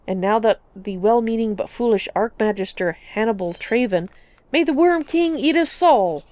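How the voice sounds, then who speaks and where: A bitter old necromancer , played by a woman spits a sudden, vicious curse in a high, swinging voice. The voice sits close and dry, as in a game roleplay read at home. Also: steady tone, normal speed, a little mellow, no room sound, natural voice. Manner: vicious outburst. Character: aggressive old man necromancer.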